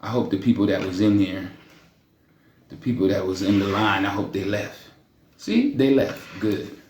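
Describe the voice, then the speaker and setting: A man's voice: fairly low pitch, animated, normal speed, a little mellow. A man hosting a casual livestream, teasing his viewers and ranting with jokes and profanity. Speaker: livestream host. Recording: echoey room, faint noise.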